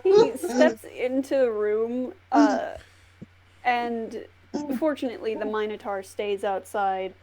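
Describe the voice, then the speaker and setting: A woman game master narrates a tabletop game in a casual, rambling way. Her delivery is slow and full of fillers. Her voice sits slightly high. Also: crowd noise.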